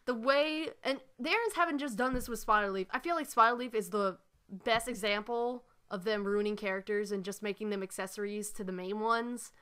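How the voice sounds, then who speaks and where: A woman's voice: mid-range voice, moderate pace, fairly bright tone, clear, resonant tone. A woman ranting in a frustrated, sighing way as she talks through her analysis, with lots of fillers. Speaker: fan analysis video maker. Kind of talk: ranting commentary.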